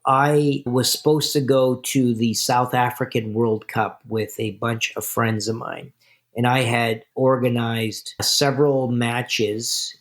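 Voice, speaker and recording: A man from Canada, a podcast guest, telling stories in a casual, animated interview. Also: mid-range voice.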